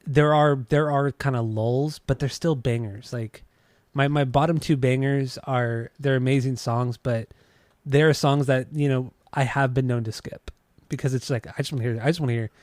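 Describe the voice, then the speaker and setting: A man co-hosts a casual music podcast, laid-back and teasing, often stumbling and restarting. His voice sits in a middle pitch. The recording is close and dry. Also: fairly even intonation, normal speed, darkish tone, no room sound. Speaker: podcast co-host. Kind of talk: casual chat about music.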